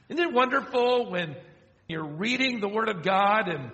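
An older man preaching a sermon, telling a story and slowing down to quote scripture. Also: high voice, expressive, a bit bright. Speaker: pastor. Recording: echoey hall.

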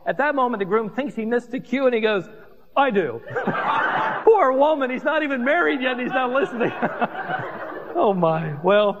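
A pastor preaching a sermon, telling stories with asides and humor. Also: male voice, very high-pitched, normal speed, long pauses, very noisy. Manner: animated storytelling with asides and humor. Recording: dull reverberant hall recording.

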